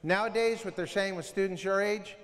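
A man speaking to a school assembly, telling animated stories, acting out scenes and yelling as he mimics himself and his son. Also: high-pitched, fairly quick, big-room sound. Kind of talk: animated motivational storytelling. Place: school auditorium.

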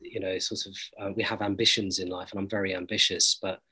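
A man's voice: sits low, level tone, quick pace, pushed and bright, breathy edge, poor audio. A man, an actor being interviewed, giving earnest, reflective answers full of hesitations and restarts. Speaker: actor interviewed about a series.

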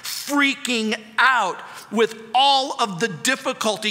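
A male pastor preaching a sermon in a high, bright and ringing voice. He delivers it slowly, firing off rhetorical questions and dropping from loud to soft. The sound carries a long reverb from the church hall.

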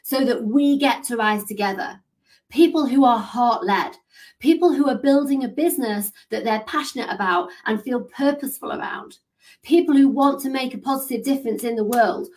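A woman business coach giving an animated, enthusiastic motivational talk, often saying "like". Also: a little high, normal speed. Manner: animated, enthusiastic, says "like" a lot.

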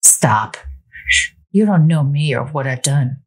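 A woman voicing a divorced woman on vacation, teasing and flirty, lifting her voice higher than her narration. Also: lively intonation, slow, darkish tone, husky, full character voice.

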